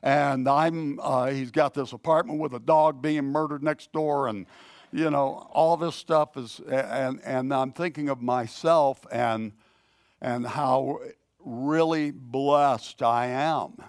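A man preaching a sermon in a slow, halting, conversational way, clearing his throat often and telling a self-deprecating story. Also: mid-range voice, fairly even intonation, dry recording, studio quality. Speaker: pastor.

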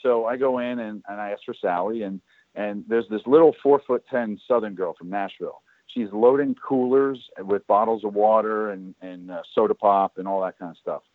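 A man's voice: on the low side, normal speed, no room sound. A man telling stories from his career in a casual chat, acting out the lines of the people in them. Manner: animated storyteller who acts out other people's lines. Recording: tinny phone-like line, dry.

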